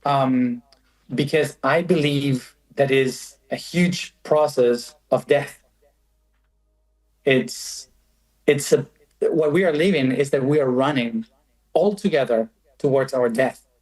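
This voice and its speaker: Slow-spoken calm man, reflective. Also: mid-range voice, low-quality recording. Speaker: guest. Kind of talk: reflective conversation.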